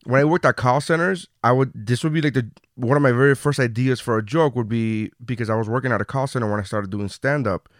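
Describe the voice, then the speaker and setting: A man hosts a casual podcast, chatting in a joking, loose way with the odd curse thrown in. His voice sits mid-pitch and sounds close and dry, with no room around it. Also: no echo. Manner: joking, swearing, quick asides. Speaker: podcast host.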